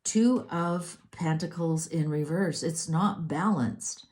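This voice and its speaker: A woman's voice: low voice, slow, darkish tone. A middle-aged woman doing a tarot reading, ranting in a heated, exasperated way with many restarts. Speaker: tarot reader.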